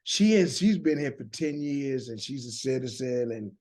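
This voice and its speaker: A middle-aged American man with a Southern drawl tells his story earnestly as a guest on an interview show, restarting his sentences often. His mid-range voice is expressive and moves at a normal speed, with a crowd audible in the background.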